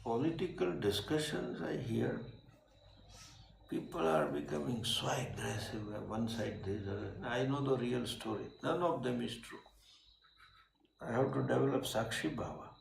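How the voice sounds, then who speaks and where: An older man with an Indian English accent giving an informal spiritual talk, animated with laughing asides and emphatic bursts. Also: medium pitch, moderate pace, vocal fry. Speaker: swami, spiritual teacher. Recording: echoey room with faint background noise.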